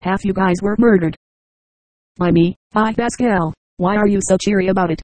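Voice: medium pitch, fairly even intonation, normal speed, darkish tone, no room sound, close to an everyday voice. An audiobook narrator voicing a bewildered, uneasy young man asking uncertain questions.

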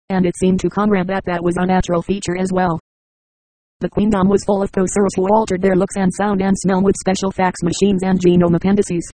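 Synthetic speech voice, audiobook narration, monotone, mellow, dry close sound. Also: medium pitch, no echo, rough recording. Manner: even, mechanical delivery. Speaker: audiobook reader. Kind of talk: scripted narration.

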